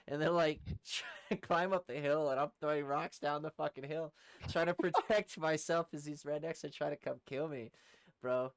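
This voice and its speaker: A man's voice: a little high, steady tone, moderate pace, smooth, no echo, studio quality. A young man, a podcast co-host and former Army private, telling a story in a casual, profane, rambling way and laughing through it.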